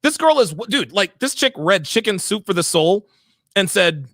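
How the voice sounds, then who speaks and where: A man streaming mocking commentary on a video clip, sarcastic and laughing often, mumbling low when he mimics her. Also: sing-song, normal speed, fairly bright tone, dry recording, clean studio sound.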